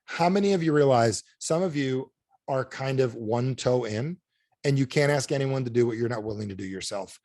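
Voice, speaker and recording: A man's voice: medium pitch, normal speed, darkish tone, no echo, studio quality. A man giving a motivational talk on a video call, pressing his points with repeated rhetorical questions. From United States. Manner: punchy, repetitive rhetorical questions. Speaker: motivational speaker. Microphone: close mic on a video call.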